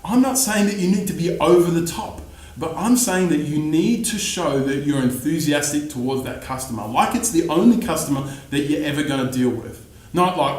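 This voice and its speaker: A man teaching phone sales skills with energetic, coaching delivery, standing in his studio. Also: on the high side, moderate pace, echoey room. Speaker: sales trainer. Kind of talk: instructional talk to camera.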